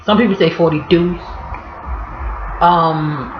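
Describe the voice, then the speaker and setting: A woman's voice: on the low side, slow, over music. Blunt Harlem woman breaking down slang. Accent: Harlem, New York. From Harlem, New York City. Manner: blunt, profane, playful street talk. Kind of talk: casual slang explainer vlog. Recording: echoey room, slightly dull audio.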